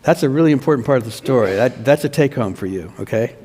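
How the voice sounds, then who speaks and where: A man, a pastor, telling a children's sermon as a slow story and asking the children questions. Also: medium pitch, expressive, mellow, a little hiss or hum. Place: church. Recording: long church reverb.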